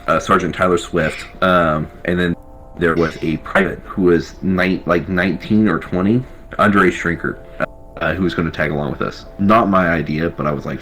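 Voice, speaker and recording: An army veteran recounting a wild night in a rambling, profane, casual way. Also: male voice, low voice, normal speed, a bit bright, a little hiss or hum, rough recording. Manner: rambling, profane, full of fillers. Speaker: army veteran telling his story. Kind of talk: casual storytelling.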